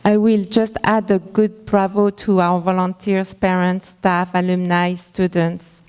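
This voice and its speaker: A woman, a school's director of advancement, presenting at a member forum and speaking haltingly with many fillers. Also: lowish voice, flat delivery, a little mellow, smooth, in a large hall. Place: large hall at a school forum.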